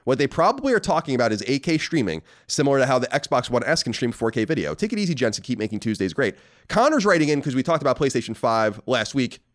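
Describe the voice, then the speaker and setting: An American man co-hosting a casual podcast, reading listener mail aloud with mock-indignant joking. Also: mid-range voice. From United States. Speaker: podcast co-host.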